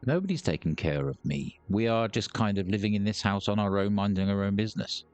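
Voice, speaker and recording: A man's voice: fairly low pitch, lively intonation, a little fast, a little mellow, faint music behind. A man recording let's play commentary on a headset mic, joking, swearing and mocking the game's characters. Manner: jokey, swears, mocks the characters. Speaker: gaming YouTuber.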